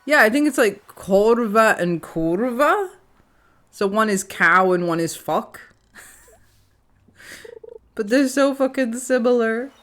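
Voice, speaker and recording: A woman's voice: fairly high pitch, lively intonation, takes it slowly, long pauses, a bit bright. A young British woman streaming a farming game, swearing freely and laughing through casual banter. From Britain. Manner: swears often, laughs between lines.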